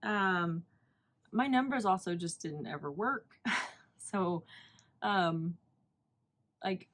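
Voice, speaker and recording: A woman hosting a knitting podcast in casual chat, rambling and chatty and laughing often. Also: fairly low pitch.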